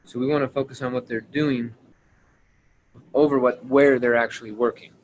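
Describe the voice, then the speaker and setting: A man's voice: mid-range voice, fairly even intonation, normal speed, highs cut off. A man leading a team training call, coaching his listeners and checking in with them as he repeats his points. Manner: acts out sample conversations.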